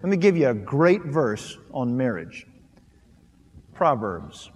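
A man's voice: medium pitch, very animated, slow pace, darkish tone, slightly rough, in a large hall. A middle-aged male pastor preaching a sermon, telling stories and driving points home with punchy, repeated phrases.

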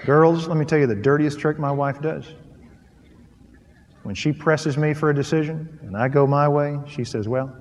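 A middle-aged man preaching a humorous sermon, acting out his stories in an animated, folksy way. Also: fairly high pitch, moderate pace. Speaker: pastor. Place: large hall with audience. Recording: hall reverb with faint ambience.

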